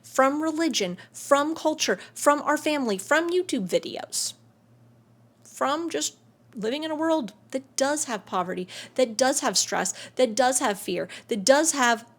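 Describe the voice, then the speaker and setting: A woman hosting a spiritual self-help video, talking to camera in an air-conditioned room, emotive and swinging between soft and excited. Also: a little high.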